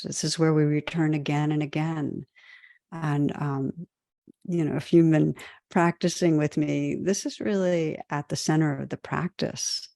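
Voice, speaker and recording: Woman teaching meditation, calm reflective talk, a little gravelly, dry close mic. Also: low-pitched, dry recording. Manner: gentle and reflective, with frequent "you know" and soft restarts. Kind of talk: dharma talk.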